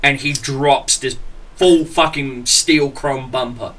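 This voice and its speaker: A man hosting a casual podcast, telling crude work stories with loud laughter and stammering restarts. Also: medium pitch, fairly even intonation, slow. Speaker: podcast host. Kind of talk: casual chat, storytelling.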